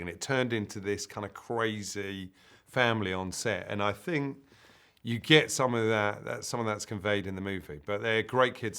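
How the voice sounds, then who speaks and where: Actor, lowish voice, easygoing interview chat with fillers. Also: male voice, clear, resonant tone. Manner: relaxed, conversational, uses "you know" fillers. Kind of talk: press junket interview.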